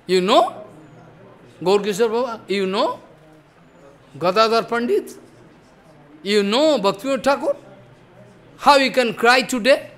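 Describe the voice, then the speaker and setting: A man's voice: extremely high pitch, expressive, a little slow, long pauses, fairly bright tone. A man giving a devotional sermon, emphatic and questioning, often checking with "follow?". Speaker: spiritual teacher.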